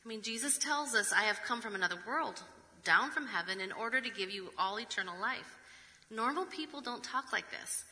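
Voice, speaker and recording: A woman preaching a sermon, measured, reading scripture with rhetorical asides. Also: fairly high pitch, expressive, sharp tone. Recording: long reverb of a large hall.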